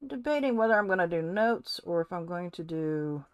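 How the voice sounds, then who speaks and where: A woman's voice: lowish voice, animated, fairly quick, clean tone, no echo, studio quality. A woman from California chatting casually while she journals. She thinks aloud as a streamer and laughs often. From California, USA.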